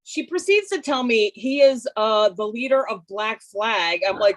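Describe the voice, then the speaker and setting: Woman in her 50s on a video call, loud brash funny storyteller, pokes fun at herself. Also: a little high, unhurried. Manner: brash, animated, self-mocking. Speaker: workshop participant. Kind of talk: comic storytelling.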